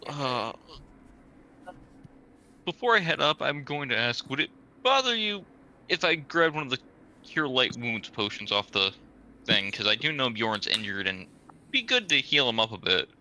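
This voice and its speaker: Bright-voiced male tabletop player. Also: mid-range voice, big pitch swings, moderate pace, long pauses, poor audio. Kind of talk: casual tabletop play.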